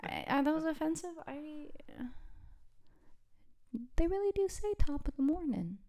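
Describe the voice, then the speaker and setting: A woman's voice: sits high, very animated, measured pace, mellow. A woman co-hosting a casual podcast, rambling and self-deprecating, often giggling. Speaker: podcast co-host.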